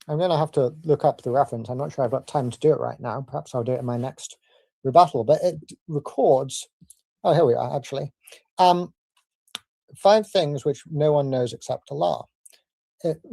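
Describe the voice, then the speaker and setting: A man with a gravelly, mellow voice works through a formal debate rebuttal point by point. He argues in a measured, deliberate way. The sound is close and dry, with no room around it. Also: on the high side, no room sound. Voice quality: measured, argumentative delivery.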